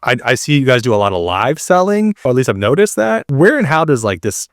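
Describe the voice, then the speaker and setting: Male podcast host, thirties, casual and animated storyteller, mid pitch, dry close recording. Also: no echo. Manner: animated storyteller, quick asides and laughs. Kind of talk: casual interview chat.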